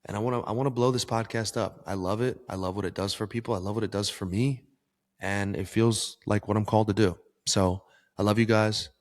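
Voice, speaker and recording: A man's voice: fairly low pitch, fairly even intonation, fairly quick, big-room sound. A man hosting his own podcast alone, talking earnestly like a coach and swearing for emphasis. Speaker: podcast host. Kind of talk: solo motivational podcast talk.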